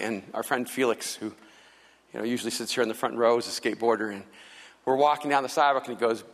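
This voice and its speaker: Man preaching in a reverberant hall. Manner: animated storytelling, acts out quoted people in a higher voice; drops to a soft, slow, earnest tone for appeals. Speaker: pastor. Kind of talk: sermon. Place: large church hall.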